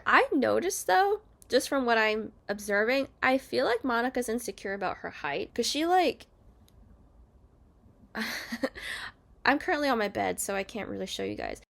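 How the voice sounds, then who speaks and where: A young woman recaps a reality show in a relaxed chat from her bed at home, often performing quotes in different voices for her YouTube review. Her voice runs on the high side, creaky and fairly bright, with big pitch swings and an unhurried pace.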